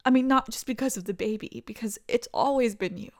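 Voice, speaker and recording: A woman's voice: fairly high pitch, a little fast, a little mellow, no echo, studio quality, lightly acted. A woman playing a tearful pregnant best friend. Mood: tearful joy. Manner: emotional, stammering, laughs through tears. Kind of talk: audio role-play addressed to listener.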